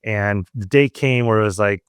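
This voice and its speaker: A man from Southern California hosting a podcast, telling a story in a casual, animated way and acting out quoted lines. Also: lowish voice, normal speed, clean tone, no echo, clean studio sound. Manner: animated, acts out quoted dialogue. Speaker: podcast host.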